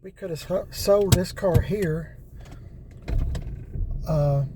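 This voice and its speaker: An older man rambles on in a folksy vlog, his voice sitting a little high. He fills his talk with lots of "uh" and "you know." The audio is noisy, with car and yard sounds picked up outdoors. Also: takes it slowly. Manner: rambling, folksy, with many fillers. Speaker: channel host. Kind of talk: casual vlog narration while moving cars. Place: outdoors in a yard, in and around cars.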